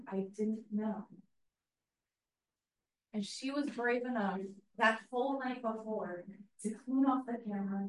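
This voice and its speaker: Earnest teacher speaking in an echoey hall. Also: female voice, on the high side, recorded from a distance. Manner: earnest storytelling with fillers. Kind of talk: public speech.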